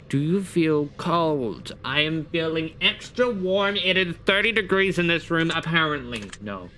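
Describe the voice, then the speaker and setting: A man with a bright, forward voice reads personality-quiz questions on a live stream and answers each one himself. His talk is loose and casual, with swearing mixed in. A faint hiss sits under the voice. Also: medium pitch.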